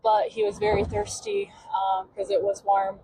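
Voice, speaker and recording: Woman, podcast host, casual storytelling, filler-heavy chatty delivery, steady background noise. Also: very high voice, moderate pace, vocal fry. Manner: chatty, loose recounting with many "um" fillers.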